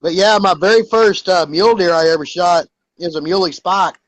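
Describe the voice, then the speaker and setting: A man tells a story in a relaxed, easygoing way as a guest in the chat. His voice is fairly high, and it sounds close and dry, with no room around it. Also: brisk, no echo.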